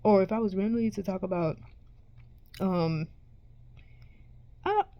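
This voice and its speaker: A woman's voice: mid-range voice, a little slow, no echo, muffled recording. Woman, casual vlog rant, exasperated and profane, dry close sound. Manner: profane, exasperated, rambling with restarts. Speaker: vlogger.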